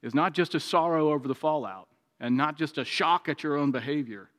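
A man preaching a sermon, moving between raised, emphatic passages and quiet, confiding stretches. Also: fairly quick. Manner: preaching with swings from raised intensity to quiet, low confiding tones. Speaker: pastor. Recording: long hall reverb.

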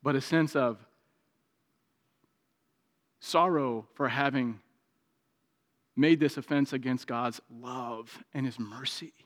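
A man preaching a sermon, moving between raised, emphatic passages and quiet, confiding stretches. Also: fairly even intonation, slow pace, pauses often. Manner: preaching with swings from raised intensity to quiet, low confiding tones. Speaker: pastor. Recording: long hall reverb.

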